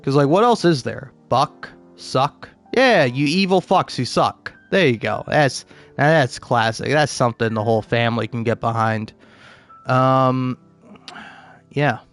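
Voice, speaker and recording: A man's voice: medium pitch, unhurried, fairly bright tone, faint music behind. A man streaming, ranting in a profane, stammering way.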